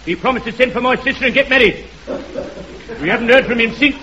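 Jaunty Cockney wisecracker. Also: male voice, very high-pitched, fast talker. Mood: ranting. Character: cheeky Cockney tailor and soapbox crank. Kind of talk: 1950s radio comedy acting. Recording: muffled old radio broadcast with loud hiss.

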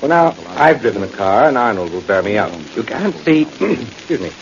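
A skeptical family doctor. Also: male voice, medium pitch, very animated, normal speed, gravelly, a crowd in the background. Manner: skeptical, reasoning. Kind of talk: 1940s radio acting. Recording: dull old radio recording with faint hiss.

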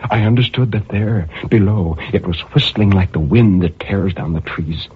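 A man's voice: sits low, moderate pace, slight background noise, close to an everyday voice. An actor playing a tormented male murderer in an old-time radio drama, swinging between manic laughter and brooding menace. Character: tormented male murderer raving in his cell. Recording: muffled vintage radio recording.

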